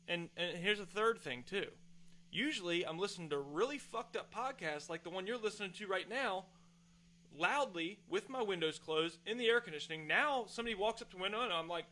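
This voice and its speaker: A man's voice: fairly high pitch, a little fast, bright, forceful tone, slight background noise. A man hosting a podcast, telling a heated, profane, exasperated story in a casual rant. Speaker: podcast host. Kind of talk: casual ranting monologue.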